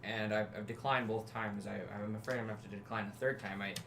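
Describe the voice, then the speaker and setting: A man's voice: lowish voice, fairly even intonation, quick pace, a bit bright, a little hiss or hum. A man playing in a tabletop role-playing game, bantering playfully and often speaking in character. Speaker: player.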